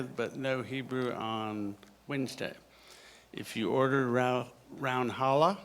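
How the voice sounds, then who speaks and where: A man's voice: mid-range voice, fairly bright tone, a little hiss or hum. A man, the congregation president, reading announcements plainly in a synagogue. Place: synagogue sanctuary.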